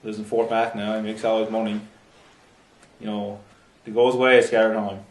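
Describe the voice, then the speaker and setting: An actor with a Newfoundland accent playing a blunt, profane small-town buddy, talking in clipped slang. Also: male voice, lowish voice, level tone, normal speed, lightly acted. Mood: gruff. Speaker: mockumentary interviewee. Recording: roomy echo, distant mic, faint hiss.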